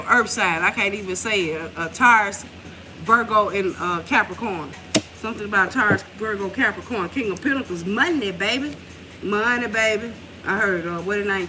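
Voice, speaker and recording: A woman giving a casual tarot reading at home, talking in a loose, rambling way with plenty of swearing and laughter. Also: mid-range voice. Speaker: tarot reader. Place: room at home. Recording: noisy home recording.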